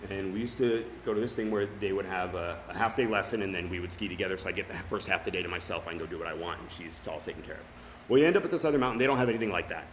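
A man's voice: fairly low pitch, slight background noise, rough recording. A middle-aged man sharing his recovery story as personal testimony at a meeting, earnest and full of fillers and restarts.

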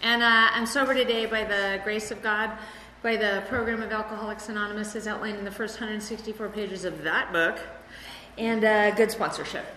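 A woman's voice: medium pitch, steady tone, moderate pace, bright, forceful tone, a little hiss or hum. A speaker from Chicago sharing her story at a recovery meeting, rambling and chatty with lots of fillers, recorded in a meeting hall. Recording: echoey hall with room ambience.

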